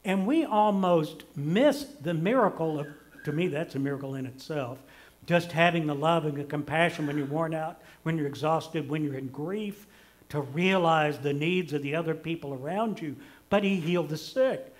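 Older pastor with a slightly high voice. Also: male voice, moderate pace. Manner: homey and self-deprecating, swinging between emphatic and hushed. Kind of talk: conversational sermon.

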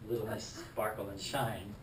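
A man telling a personal testimony story and acting out the scenes in a lively way. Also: lowish voice, moderate pace, a little hiss or hum. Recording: roomy, distant mic.

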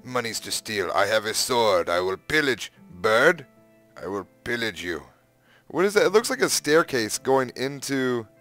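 A young man giving casual, excitable gameplay commentary, exclaiming and humming to himself. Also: medium pitch, measured pace, soft background music. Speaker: gaming youtuber.

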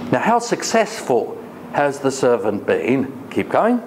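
A man's voice: mid-range voice, wildly swooping pitch, a little slow, noisy background. Man lecturing a class. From Australia. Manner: questioning students, paraphrasing the text. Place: college classroom.

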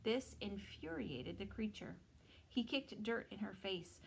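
A woman teacher reading a novel aloud to students in an expressive storytelling manner. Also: mid-range voice, measured pace, gravelly, a little hiss or hum, poor audio.

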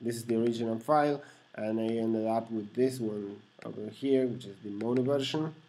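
A man's voice: mid-range voice, fairly even intonation, moderate pace, mellow. A man speaking English as a second language, casually walking through a computer project with many fillers and self-corrections. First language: not English. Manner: chuckles to himself now and then. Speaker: hobbyist explaining a computer project. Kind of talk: casual screen-recorded walkthrough.

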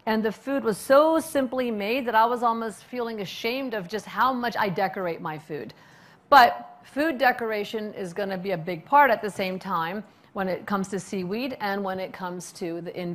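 A middle-aged woman who runs a restaurant, giving an animated public talk full of stories, fillers and restarts. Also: medium pitch. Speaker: restaurant owner and speaker.

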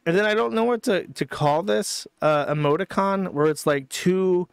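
A man's voice: high voice, moderate pace, creaky, smooth, no echo, studio quality. A man hosting a commentary stream, talking in a casual, profane and sardonic way. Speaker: streamer host.

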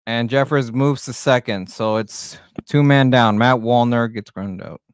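Male amateur play-by-play streamer, smooth clear voice in a dry room, excitable and jokey. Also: medium pitch, a little slow, dry recording. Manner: excitable, jokey, swears, shouts on big plays. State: out of breath. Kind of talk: live amateur play-by-play commentary.

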